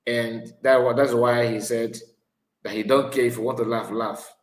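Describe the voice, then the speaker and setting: A man giving casual, drawn-out commentary, pausing often between remarks. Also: medium pitch, fairly even intonation, reverberant. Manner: slow, drawn-out remarks with frequent pauses. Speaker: channel host reacting to a clip.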